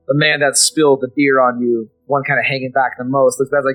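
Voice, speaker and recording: A man's voice: medium pitch, flat delivery, brisk, hardly any pauses, fairly bright tone, soft background music, low-quality recording. A man narrating a tabletop role-playing game as game master, vivid and casual, swearing freely.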